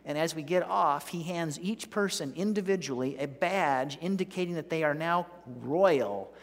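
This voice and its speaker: A man with a high voice preaches a sermon as a vivid story, his delivery rising to loud peaks. His voice rings out with a long hall reverb. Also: normal speed.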